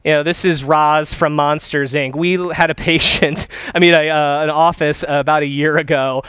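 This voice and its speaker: High-voiced, energetic male trainer. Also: moderate pace, clear, resonant tone, no room sound. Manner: energetic, conversational, acts out sample phone calls. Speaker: dental practice consultant. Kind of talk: course talk on phone skills.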